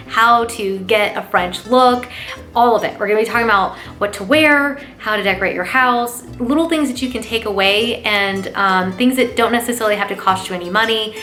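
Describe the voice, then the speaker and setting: A woman hosting a lifestyle gift-guide vlog, gushing with enthusiasm and chatting warmly to her viewers. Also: a little high, normal speed, soft background music. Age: adult parent. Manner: gushing and enthusiastic, lots of "oh my gosh"; warm, talks straight to viewers as "you guys". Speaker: lifestyle channel host.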